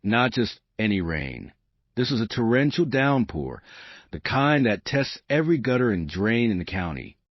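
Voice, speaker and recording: A man's voice: medium pitch, big pitch swings, moderate pace, dry recording, lo-fi sound. A man giving dramatic, emphatic first-person story narration, as if reading a script.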